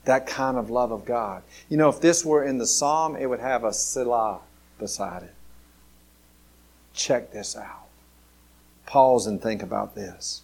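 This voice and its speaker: A man, a pastor, delivering an earnest sermon straight to his listeners, shifting from hushed, slow lines to loud, excited ones. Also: mid-range voice, creaky. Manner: dramatic preaching, swinging from hushed to loud; earnest and direct, addressing listeners.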